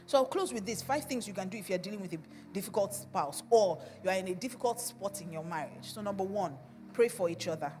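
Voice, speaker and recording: Animated Nigerian woman pastor preaching. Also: medium pitch, fast talker, in a large hall, faint music behind. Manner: animated storytelling with laughter. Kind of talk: sermon. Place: church.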